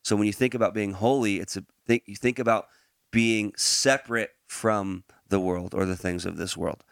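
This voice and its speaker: A lower-pitched man hosts a podcast and eases from casual chat into a Bible teaching. He talks in a relaxed way, laughs readily and pauses on fillers and restarts. The sound is dry and close, with no room echo. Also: vocal fry, smooth.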